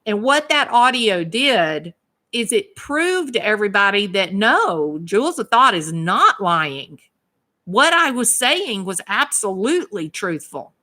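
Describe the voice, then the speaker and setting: A woman's voice: a little high, bright, forceful tone. A Southern woman hosting a livestream, talking straight to commenters by name in an emphatic, indignant way. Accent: Southern American. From American South. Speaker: YouTube channel host reading live chat. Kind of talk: casual livestream chat.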